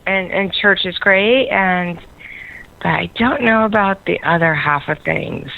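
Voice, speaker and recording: Creaky-voiced woman calling in by phone. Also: lowish voice. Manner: rambling, hesitant, laughs often. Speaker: caller. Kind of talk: call-in radio chat. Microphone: telephone. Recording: tinny phone line.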